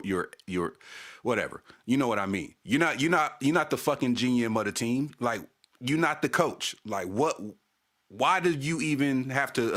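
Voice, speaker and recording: A man's voice: medium pitch, a bit bright. Casting note: a male stream host in a heated, profane casual rant, repeating his points. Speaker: channel host.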